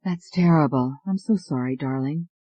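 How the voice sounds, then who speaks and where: A narrator voicing a gentle, reassuring young wife. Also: mid-range voice, moderate pace, no echo, close to an everyday voice. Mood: tender.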